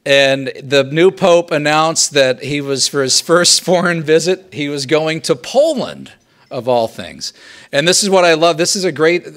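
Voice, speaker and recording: A male professor giving a lively history lecture to students and acting out quotes as he tells the story. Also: a little high. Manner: animated storytelling, acts out quotes. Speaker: political science professor. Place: live talk to a student audience.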